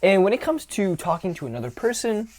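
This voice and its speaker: A man coaching on social skills in a casual instructional talk, relaxed and grounded, slowing his words for emphasis. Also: high-pitched. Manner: demonstrative, swings from whisper to loud to show vocal dynamics; relaxed, grounded, drawn-out delivery with sighs.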